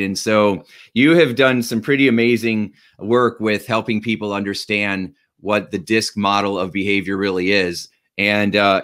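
Low-voiced male podcast host. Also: a bit bright. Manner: affirming, leads with short prompts. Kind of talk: casual interview.

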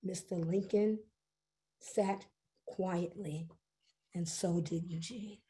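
A woman storyteller telling a story to families in an expressive, unhurried way. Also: fairly low pitch, husky.

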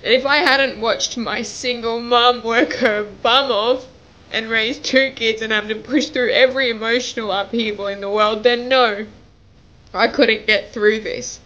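A woman's voice: on the high side, fairly even intonation, a little slow, a bit bright, muffled recording. A young woman vlogger making an emotional message to camera, pleading and tearful, her voice breaking as she cries at times. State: crying at times.

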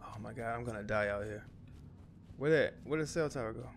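A man's voice: medium pitch, a little fast, gravelly, faint music behind. A young man, a father, casually commenting on a survival game as he plays, cursing and talking to himself and the characters on screen. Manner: loose, profane, talks to himself and the game. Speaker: gaming YouTuber.

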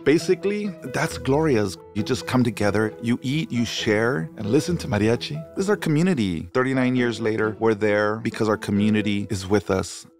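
A man's voice: on the low side, a little fast, hardly any pauses. A middle-aged man, a restaurateur and chef, telling stories animatedly in an interview and dropping into Spanish phrases, seated on an outdoor patio. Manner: animated storyteller, code-switches into Spanish phrases. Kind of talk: storytelling interview. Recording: music playing under the voice.

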